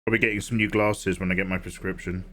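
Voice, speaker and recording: A man's voice: sits low, steady tone, quick pace, a bit bright. A young man hosting a drawing livestream, chatting casually and rambling between jokes. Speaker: livestream artist host.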